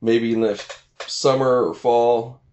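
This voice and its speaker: A man's voice: medium pitch, little pitch movement, takes it slowly, a little mellow, dull audio, slight background noise. A man in casual conversation about boxing, rambling with many fillers and restarts and casual swearing. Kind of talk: casual chat.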